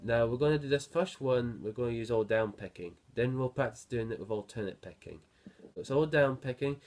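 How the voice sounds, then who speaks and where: Speaking at medium pitch and a fairly quick clip, a guitar teacher walks through a lesson patiently, counting beats aloud as he plays, while his loud guitar rides over his words.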